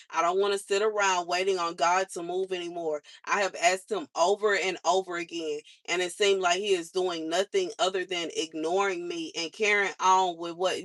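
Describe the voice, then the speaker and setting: Frustrated young woman venting, bright voice. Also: on the low side. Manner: frustrated, repetitive complaining; casual slangy speech. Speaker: livestreamer. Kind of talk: venting livestream monologue.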